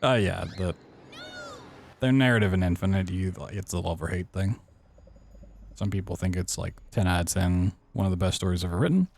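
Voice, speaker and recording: A young man casually chatting to his viewers while speedrunning a game, relaxed and playful. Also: deep voice, fairly quick, vocal fry, long pauses. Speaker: speedrunning streamer. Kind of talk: casual live-stream commentary while playing.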